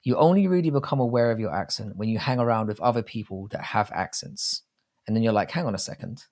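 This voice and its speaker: A man's voice: fairly low pitch, quick pace, a little mellow. A British man co-hosting a live stream chat, rambling in a casual, profane way. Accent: British English. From Britain.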